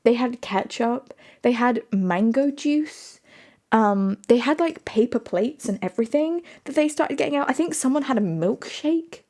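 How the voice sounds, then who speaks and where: A woman's voice: on the high side, animated, unhurried, mellow. A young woman streaming live, chatting casually with viewers in a giggly, rambling, self-mocking way. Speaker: livestreamer.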